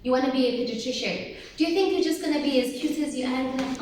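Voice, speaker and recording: A woman giving an animated motivational workshop talk to teenage girls, asking them questions and calling for their replies. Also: sits high, rapid-fire, a crowd in the background. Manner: animated, asks the audience questions and calls for replies. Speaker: workshop speaker for teen girls. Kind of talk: motivational talk to a live group. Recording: very echoey room, voice from far off, faint noise.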